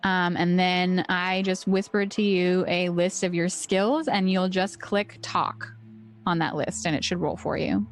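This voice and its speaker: A woman running a tabletop game as game master, explaining rules in a relaxed, chatty way. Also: on the low side, measured pace, a little hiss or hum.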